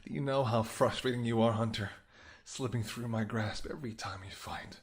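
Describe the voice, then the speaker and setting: A man voicing a flirtatious, predatory male vampire in a whispered role-play, speaking in a soft, teasing, seductive murmur. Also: mid-range voice, steady tone, moderate pace, natural voice. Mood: hungry. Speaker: voice actor.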